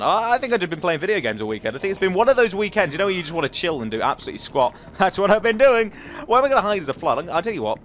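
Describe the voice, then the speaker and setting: A young man giving casual, excitable commentary over gameplay. He yelps and chatters at the game as he plays. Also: fairly high pitch, slight background noise. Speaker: gaming commentator.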